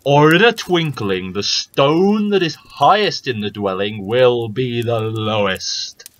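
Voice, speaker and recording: A man voicing a huge, wrathful old male giant in a storybook reading, slow and booming. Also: animated, fairly bright tone. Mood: menacing.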